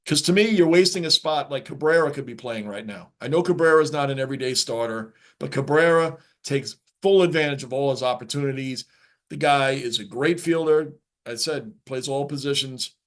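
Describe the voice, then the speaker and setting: A man's voice: mid-range voice, moderate pace. A man hosting a live sports reaction stream from his basement, ranting casually and reading viewer chat aloud.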